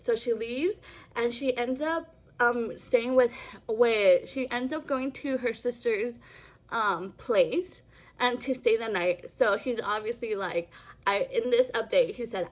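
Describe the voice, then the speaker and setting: A woman's voice: fairly high pitch, slow. A woman casually retelling an online story in a chatty way, full of fillers. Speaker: vlogger.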